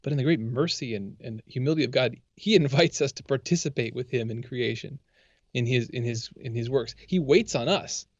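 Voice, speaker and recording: A man's voice: medium pitch, fairly quick, no echo, muffled recording. A man talking about faith in a casual discussion, earnest and eager, often stumbling and restarting his sentences.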